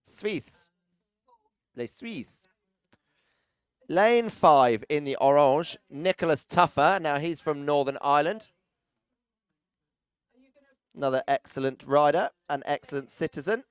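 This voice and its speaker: A man's voice: fairly high pitch, a little slow, clean tone, dry recording. Chatty man announcing arena riders. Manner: chatty, teasing, jokey asides to people around the arena. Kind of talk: live event commentary.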